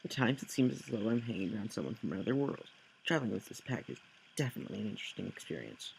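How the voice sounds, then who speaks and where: A man's voice: lowish voice, expressive, fast talker, creaky, a little hiss or hum, low-quality recording. A man reading a text game aloud, with slips, corrections and jokey asides. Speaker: let's play host.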